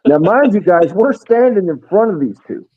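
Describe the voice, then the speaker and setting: A man's voice: sits high, big pitch swings, moderate pace. American man, military storyteller, rambling, phone-like tinny sound. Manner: rambling storyteller, acts out quoted soldiers. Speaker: retired first sergeant guest. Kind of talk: casual war stories.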